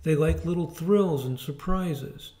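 Guy teaching astrology, slow and mellow, lots of ums, kinda higher voice. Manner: relaxed, unhurried explaining with fillers and repeats. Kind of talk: informal video lesson.

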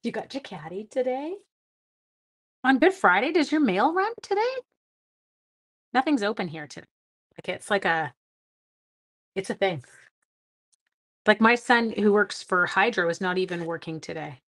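A woman's voice: mid-range voice, very animated, a little slow, pauses often, a bit bright. A middle-aged woman chatting to viewers during a casual live-stream card-making demo, with silly sound effects.

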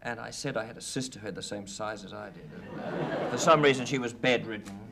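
A man's voice: fairly low pitch, quick pace, gravelly. A middle-aged man, a talk show guest, telling anecdotes in a dry, wry manner. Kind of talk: anecdotal chat. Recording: 1980 TV studio with light hiss.

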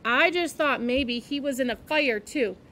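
A woman's voice: sits high, measured pace, bright, forceful tone. A woman voicing a rude, sarcastic ten-year-old schoolboy with a mocking, sneering way of talking.

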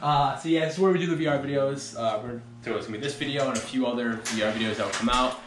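A man's voice: medium pitch, rapid-fire, fairly bright tone. A young man casually vlogging at home with friends, rambling, swearing and laughing a lot. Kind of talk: casual vlog chat with friends. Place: indoors at home, bedroom. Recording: echoey room, faint noise.

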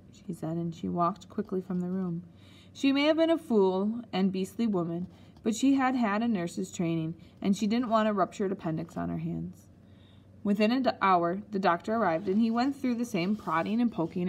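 A woman's voice: medium pitch, moderate pace, a little mellow. A woman reading a children's memoir aloud at an easy pace, with a few small slips. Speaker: audiobook reader. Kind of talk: storybook narration.

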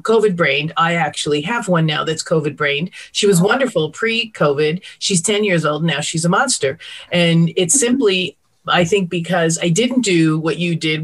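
A woman hosting a pet podcast, chatting casually and affirming her guest. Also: lowish voice. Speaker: podcast host. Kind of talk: casual interview chat.

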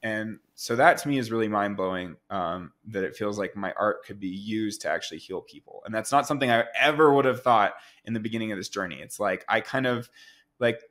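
A man in his thirties, a guest artist telling stories in a relaxed, rambling way, full of fillers. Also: lowish voice, brisk. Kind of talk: casual storytelling interview.

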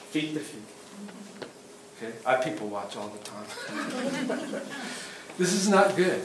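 Middle-aged man teaching in an echoey hall. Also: a little high. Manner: plain, practical, asks the class quick questions. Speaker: self-defense instructor. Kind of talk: workshop teaching. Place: event hall. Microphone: distant room mic. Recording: echoey hall from far off, faint noise.

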